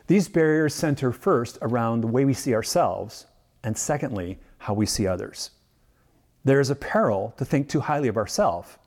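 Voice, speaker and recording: A man preaching a sermon as pastor, earnest and teacherly, slowing down on key phrases. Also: mid-range voice, a little mellow. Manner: earnest, measured preaching with emphatic slowdowns; teacherly, explains words and context.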